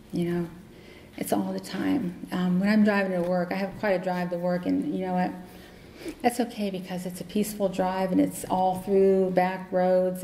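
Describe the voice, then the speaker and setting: A woman's voice: medium pitch, vocal fry, mellow. A woman giving an earnest, conversational recovery talk as a speaker at a meeting, telling stories. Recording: echoey hall, faint noise.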